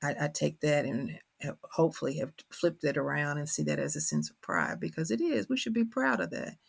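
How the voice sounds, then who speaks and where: A middle-aged Kentucky woman with a country accent speaks in a low, creaky, slightly rough voice, brisk and with big pitch swings. She is an author guest in a reflective interview, thoughtful and searching for words.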